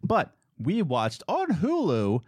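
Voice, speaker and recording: A man's voice: a little high, wildly swooping pitch, slow pace, a little mellow, slightly rough, dry recording. A young adult man co-hosting a podcast in loose, rambling casual chat, often correcting himself as he goes. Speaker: podcast co-host.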